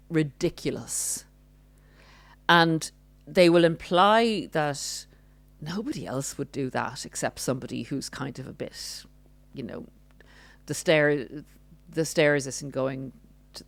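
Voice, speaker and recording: A woman with a low voice explains things earnestly and adds the odd wry aside. The sound is dry and close, with no room echo. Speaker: host. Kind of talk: explanatory talk on narcissistic abuse.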